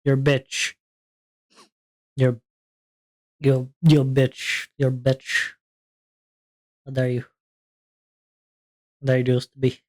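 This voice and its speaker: A male streamer chatting casually with viewers, unhurried and drawn-out in delivery. He rambles and trips over his words, flipping into playful mock outrage and rowdy laughter. His voice sits at an ordinary middle pitch. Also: monotone. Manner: loud, rowdy bursts of laughter. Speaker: VTuber streamer.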